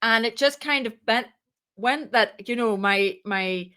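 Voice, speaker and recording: A startup co-founder speaks in a slightly high, slightly slow voice with a clean tone. Chatty and animated in a casual interview, she acts out the quoted dialogue in her stories.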